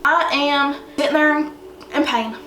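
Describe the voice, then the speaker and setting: A young woman vlogger tells a personal story in a chatty, rambling way, relying heavily on fillers. Her voice is a little high, bright and forceful, and she speaks a little slowly. The recording is roomy and echoey with faint noise, captured by a mic some distance away.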